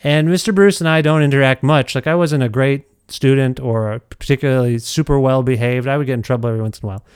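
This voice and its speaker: A middle-aged man tells a self-deprecating story in a casual, animated way, often stumbling and restarting. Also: medium pitch, fast talker, few pauses, clean tone, no room sound, clean studio sound. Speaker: podcast storyteller.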